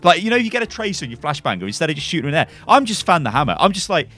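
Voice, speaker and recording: Man, gaming show host, casual commentary, excitable, fast talker. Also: on the high side. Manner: excitable, rambling with restarts.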